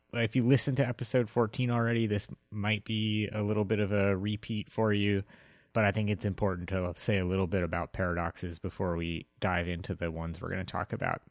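A man hosting a philosophy podcast, explaining in a relaxed way with a lot of hesitant fillers. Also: fairly low pitch, dry recording, studio quality. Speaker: podcast host. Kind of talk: casual explanatory chat.

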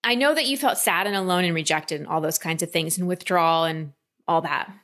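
A woman's voice: on the low side, a little fast, a bit bright. Woman coaching, acting out inner voices. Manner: earnest, acts out quoted inner voices. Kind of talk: coaching session.

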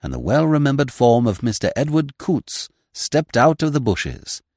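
A man reading a classic comic novel aloud in measured, expressive narration. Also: mid-range voice, no room sound, studio quality. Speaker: audiobook reader.

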